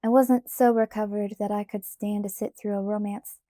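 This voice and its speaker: A woman narrating a first-person audiobook in a steady, clear storytelling manner. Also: medium pitch, moderate pace, no room sound, studio quality.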